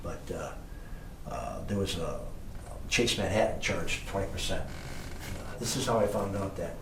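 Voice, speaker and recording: Older guy telling long rambly stories, lowish voice, kinda far from the mic in an echoey room. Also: measured pace. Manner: rambling anecdotal storyteller with many fillers. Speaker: guest, former motel owner. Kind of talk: casual storytelling interview. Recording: echoey room, distant mic, faint hiss.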